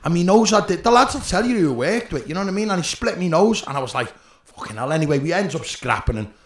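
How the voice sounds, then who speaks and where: A man with a Scouse accent telling rowdy stories in casual chat, swearing and laughing loudly. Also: high voice, lively intonation, fast, echoey room. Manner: swearing, storytelling, loud laughs. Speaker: podcast guest.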